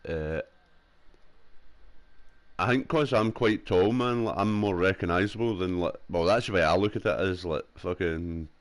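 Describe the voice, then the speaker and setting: This young man from Scotland, with a Glasgow accent, laughs often and swears freely while casually chatting on a headset as he games. His voice sits low, at normal speed, in a dry recording.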